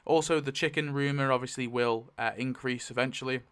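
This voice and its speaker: A man's voice: medium pitch, fairly even intonation, brisk, fairly bright tone, clear, resonant tone. A man playing a tabletop roleplaying game solo, talking it through casually and thinking aloud with many fillers and self-corrections. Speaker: solo game player narrating.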